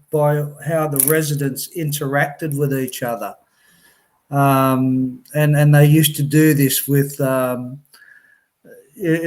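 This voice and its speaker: Slow-talking man telling his story. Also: on the high side. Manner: conversational storytelling, frequent restarts and laughs. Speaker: speaker sharing his life story. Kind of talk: personal testimony talk.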